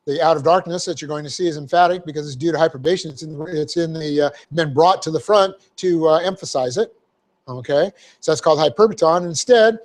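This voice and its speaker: A middle-aged man, a pastor, teaching a Bible passage word by word with frequent "okay?" checks and homely asides. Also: high-pitched. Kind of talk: verse-by-verse teaching sermon. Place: church hall.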